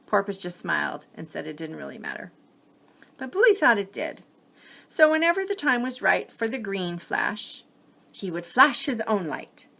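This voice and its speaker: A woman reading a picture book aloud to children as a teacher, gently pausing to explain the story. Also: medium pitch, big pitch swings, vocal fry.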